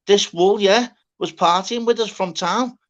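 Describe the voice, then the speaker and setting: A man's voice: high-pitched, unhurried, highs cut off. A man from Scotland telling a rambling, swear-filled party story in casual chat, repeating "lad" as he goes.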